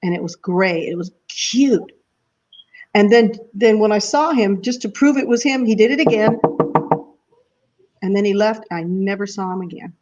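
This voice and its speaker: A woman speaks as an interview guest, her voice sitting at an ordinary middle pitch. She tells a heartfelt story in casual conversation and breaks into small laughs along the way. The audio is muffled and lo-fi. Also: normal speed, pauses often, a little mellow, slight background noise. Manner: emotional storytelling, frequent laughs. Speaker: guest musician.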